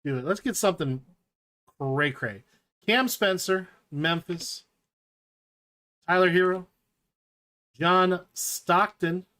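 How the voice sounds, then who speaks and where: Slow-talking enthusiastic card break host. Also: medium pitch, fairly bright tone. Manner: chatty, enthusiastic, reading out cards as they appear. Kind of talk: live card-opening stream commentary.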